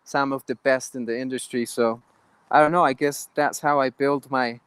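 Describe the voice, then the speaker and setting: A man's voice: medium pitch, fairly even intonation, moderate pace, a bit bright, smooth, no room sound. A man, an actor guest in an interview, talking earnestly with many restarts and halts. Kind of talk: interview conversation.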